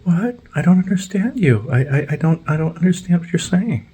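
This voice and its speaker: A man's voice: fairly high pitch, big pitch swings, a little fast, warm tone, slightly rough, pitched above the performer's own voice, heavily acted. A man voicing a confused male lawn worker who stammers and doesn't understand anything said to him. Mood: baffled. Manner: baffled, stammering.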